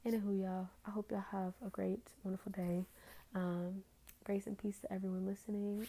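A woman's voice: medium pitch, flat delivery, moderate pace, creaky, dark tone. A tired woman hosting a casual, rambling faith talk, trailing off into fillers.

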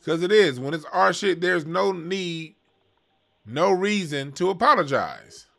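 A man in a casual, heated chat, talking in a profane, animated way. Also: sits high, unhurried, vocal fry. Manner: animated, profane, mocks other music with sung sounds.

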